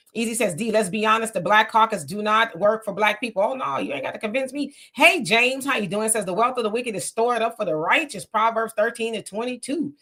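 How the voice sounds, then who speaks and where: A woman hosting a casual livestream, greeting viewers by name and reading their comments aloud with quick agreement. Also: mid-range voice, fairly bright tone.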